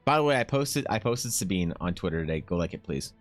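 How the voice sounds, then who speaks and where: A man's voice: sits low, fast talker, faint music behind. A man in his thirties from Canada, rambling and swearing casually while chatting live with his stream viewers. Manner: rambling, profane, animated asides.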